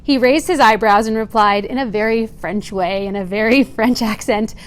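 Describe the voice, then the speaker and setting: A woman's voice: on the high side, moderate pace, few pauses. A woman in her forties, a Marine veteran, reading a prepared speech earnestly with occasional dry, wry asides. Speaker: Marine veteran giving testimony. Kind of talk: prepared speech read aloud.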